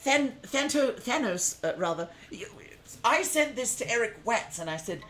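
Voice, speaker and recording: A man's voice: very high-pitched, lively intonation, normal speed, fairly bright tone. A man hosting his first live stream, chatting casually in a playfully dramatic, self-mocking way. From United States.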